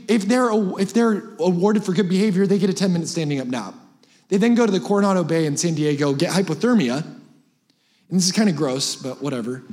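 A young adult man preaching a guest sermon in a church, animated and humorous, firing off rapid lines with sudden high-pitched exclamations. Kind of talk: energetic sermon. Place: church sanctuary.

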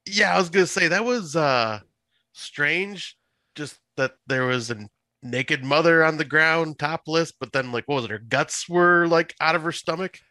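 Podcast guest dude, kinda high bright voice, agreeable short replies. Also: male voice, unhurried, dry recording. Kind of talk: casual podcast movie discussion.

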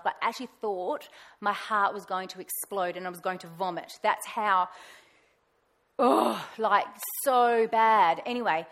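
Animated woman telling a faith story. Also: medium pitch, measured pace. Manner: animated storytelling, acts out her own past words in a raised voice. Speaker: pastor's wife sharing testimony. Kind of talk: personal testimony talk.

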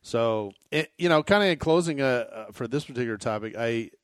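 A man's voice: medium pitch, animated, brisk, smooth, dry recording. A man talking as a podcast guest in casual chat, rambling and restarting his sentences often.

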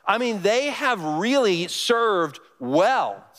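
Male pastor, high-ish voice, conversational sermon, long church reverb. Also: big pitch swings, takes it slowly, a bit bright. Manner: conversational, asks the congregation questions.

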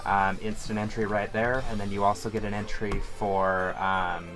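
A man's voice: on the low side, flat delivery, normal speed, music in the background. A man co-hosting a gaming podcast, wry and self-deprecating as he runs through a giveaway. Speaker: podcast co-host. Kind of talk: casual podcast chat.

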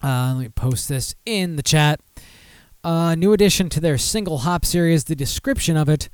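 Animated, ranting male podcast host. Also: a little high, normal speed, smooth, dry recording. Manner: animated, mock-outraged outbursts and rambling self-talk. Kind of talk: casual live show chat.

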